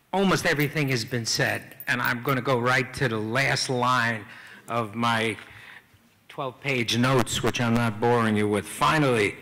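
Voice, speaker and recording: A man speaks briefly and plainly at a council hearing. His tone is bright at a middle pitch. A long reverb tail follows his words. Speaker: public commenter. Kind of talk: public hearing testimony. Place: council chamber.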